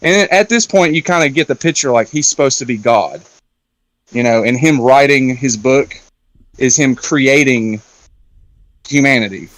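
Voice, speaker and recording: A man's voice: mid-range voice, moderate pace, a bit bright. A man in a casual round-table talk, loosely retelling a film plot with lots of fillers and swearing. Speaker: round-table discussion guest.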